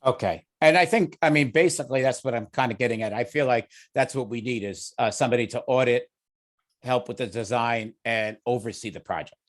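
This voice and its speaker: Man, Long Island accent, committee chair; easygoing, thinks aloud, mid pitch. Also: brisk. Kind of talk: meeting discussion.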